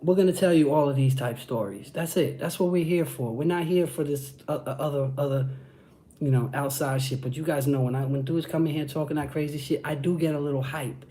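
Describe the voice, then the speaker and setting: A Brooklyn man with a New York accent hosts a livestream on his channel, answering chat in hyped, profane street talk and constantly saying "you know what I'm saying." His voice is fairly high, brisk and mellow.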